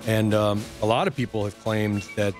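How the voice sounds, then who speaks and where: A man, a reporter, talking in a measured, hesitant way during a casual political chat. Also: fairly low pitch, steady tone, soft background music.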